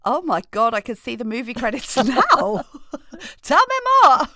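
A woman's voice: a little high, sing-song, normal speed, bright, forceful tone, dry recording, clean studio sound. A woman, co-hosting a podcast in casual chat, playful and teasing, with the odd swear word. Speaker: podcast co-host.

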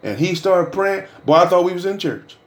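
A middle-aged man preaches with a lively, sweeping pitch, giving testimony from his own life. He falls to near-whispers and then climbs to shouted peaks. His voice rings around a roomy, echoing space. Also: normal speed. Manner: swings between hushed murmurs and loud shouted peaks. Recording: roomy echo.

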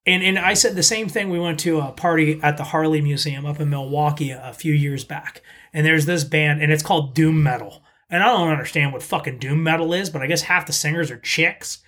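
Husky-voiced man telling blunt stories. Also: fairly high pitch, a little fast, a bit bright. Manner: profane, storytelling, blunt. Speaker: podcast guest, pizza shop owner. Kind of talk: casual chat.

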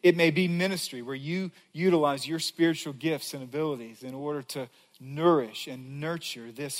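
A man preaching a sermon as a pastor, earnest, reading scripture aloud with building emphasis. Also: medium pitch.

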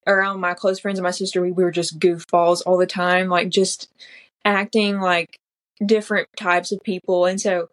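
Lady on a podcast, lowish voice, chatty, says like a lot. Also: flat delivery, normal speed. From Southern United States. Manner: chatty, sprinkles in lots of "like". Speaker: podcast guest, comedy creator. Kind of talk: casual interview chat.

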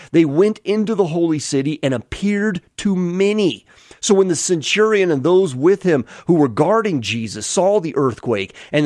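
A man's voice: on the high side, a little mellow, no echo, clean studio sound. A male pastor delivering a sermon, telling stories earnestly and often restarting his words. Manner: earnest storytelling with frequent restarts.

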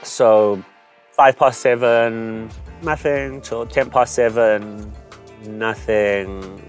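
A young man co-hosting a podcast, telling a dating story in a teasing, animated way. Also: lowish voice, extremely slow, faint music behind. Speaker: podcast co-host. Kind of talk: casual chat, storytelling.

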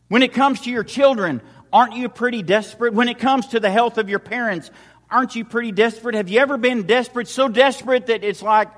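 A man's voice: very high-pitched, a little fast, fairly bright tone, in a large hall. A man preaching a sermon as pastor, building his points with repeated rhetorical questions and emphatic, repetitive phrasing.

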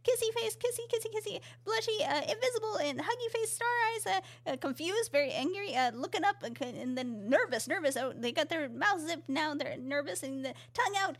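A woman's voice: high voice, lively intonation, a little fast, hardly any pauses. A woman co-hosting a casual podcast, reading listener emails aloud in a giggly, rambling way and stumbling over her words. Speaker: podcast co-host.

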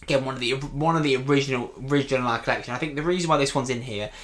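A man co-hosting a podcast in casual chat, talking quickly with frequent restarts and playful teasing. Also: medium pitch, a bit bright. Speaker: podcast co-host.

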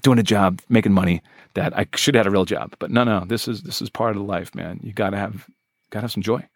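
Man, 40s, fast-talking animated storyteller, mid pitch, dry close mic. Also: vocal fry, dry recording. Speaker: guest, professional magician. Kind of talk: storytelling in a podcast interview.

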